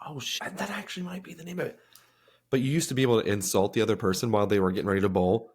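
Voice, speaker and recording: A man's voice: mid-range voice, very fast, a little mellow, slightly rough. A man co-hosting a podcast, chatting casually and telling rambling stories with acted-out quotes. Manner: rambling storyteller, acts out quotes. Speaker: podcast co-host. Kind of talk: casual chat.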